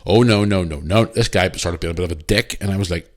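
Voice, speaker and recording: A man's voice: low voice, fast talker. A Northern Irish man hosting a casual solo podcast, talking animatedly and swearing freely as he retells his week. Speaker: podcast host.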